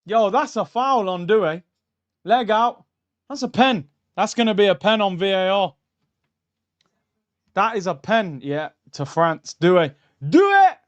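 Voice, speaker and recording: A young man hosting a live football watchalong, chatting through the game and yelling at the screen. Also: high voice, a little slow, long pauses, highs cut off. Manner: excitable, shouts at the screen, chatty tangents. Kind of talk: live match reaction commentary. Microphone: streaming mic.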